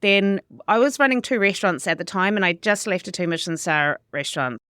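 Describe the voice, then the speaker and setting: A middle-aged woman with a New Zealand accent, a chef chatting casually as an interview guest, lively and full of quoted asides. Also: on the low side, brisk, smooth, no room sound, clean studio sound.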